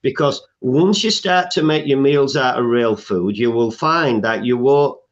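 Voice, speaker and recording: Man, podcast guest coach, emphatic list-maker with filler words, middle pitch, lo-fi sound. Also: a little slow. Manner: emphatic, lists items, frequent filler "uh". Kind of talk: podcast interview conversation.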